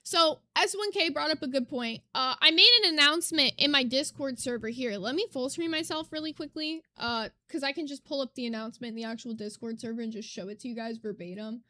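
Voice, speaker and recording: A woman talks to her livestream chat in a loose, chatty way. Her voice sits high and sounds bright and a bit sharp. The sound is dry and close. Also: fairly quick, few pauses, no echo. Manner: chatty, reads chat aloud. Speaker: streamer reacting to clips. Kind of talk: casual livestream commentary.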